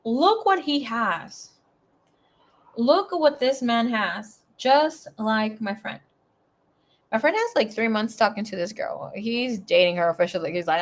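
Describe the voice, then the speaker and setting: A young woman runs a casual tarot reading from home, drifting into rambling personal stories. She swears freely and her volume jumps from loud bursts down to quiet mumbling. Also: medium pitch, animated, normal speed. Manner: chatty, swearing, rambling asides. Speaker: tarot reader.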